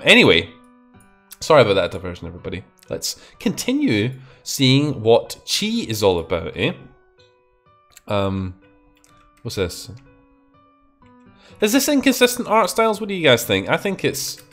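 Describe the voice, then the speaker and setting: A man's voice: fairly low pitch, fairly bright tone. A young man hosting a game stream, chatting and teasing a guest in a casual, joking way. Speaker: streamer host. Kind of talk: casual gameplay chat.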